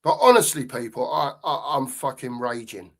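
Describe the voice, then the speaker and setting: A man's voice: mid-range voice, big pitch swings, normal speed. A middle-aged man hosting a live football stream, ranting angrily and swearing, often repeating himself. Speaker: podcast host.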